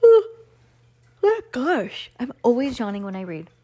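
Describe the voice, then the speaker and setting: A woman's voice: fairly high pitch, sing-song, a little slow, dark tone. A woman reading a children's book aloud at home, casually stopping to comment and restart lines. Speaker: reader.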